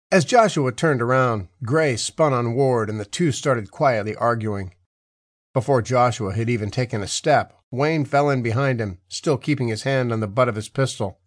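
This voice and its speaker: A man's voice: medium pitch, normal speed, dry recording. Man narrating an audiobook, dry studio sound. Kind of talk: scripted narration.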